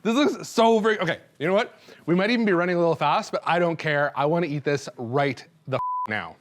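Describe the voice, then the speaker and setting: A young man hosting a cooking show, rambling and joking excitedly as he cooks and tastes in a studio kitchen. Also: on the high side, a little fast, noisy background. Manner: hyped, rambling, joking, laughing between lines. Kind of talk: casual on-camera cooking chatter.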